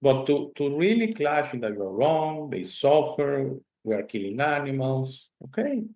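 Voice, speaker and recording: Host, mid-pitched man, Spanish first language, animated and emphatic talker. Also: unhurried. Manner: animated storytelling, frequent "okay?" tags, emphatic. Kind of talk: casual conversation.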